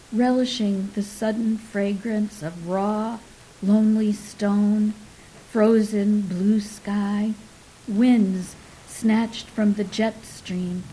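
A woman reading a story aloud in an unhurried, softly dramatic way, now and then dropping to a whisper. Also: mid-range voice, steady tone, a little hiss or hum, poor audio.

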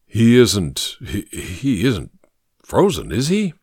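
A man voicing a softhearted proud father who speaks slowly and falters. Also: medium pitch, big pitch swings, dry recording, clean studio sound.

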